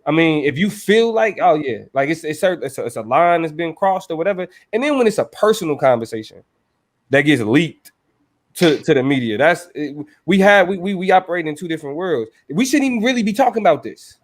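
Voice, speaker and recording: A man's voice: fairly high pitch, big pitch swings, a little fast. A man co-hosting a casual podcast chat. He speaks emphatically, swears freely, and restarts his sentences often. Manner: emphatic, profane, many restarts. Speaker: podcast co-host.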